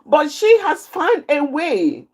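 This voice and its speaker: Woman speaker, unhurried and deliberate, repeats each point for emphasis while teaching a live group. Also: high voice, wildly swooping pitch. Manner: repeats key phrases, slow and emphatic, points out positions with her hands. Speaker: outreach speaker teaching anger management.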